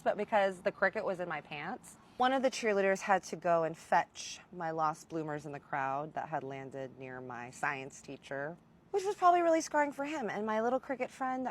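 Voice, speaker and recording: Animated storytelling young woman. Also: medium pitch, slight background noise. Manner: animated, swearing, playful exaggeration. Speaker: storyteller vlogger. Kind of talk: casual storytime.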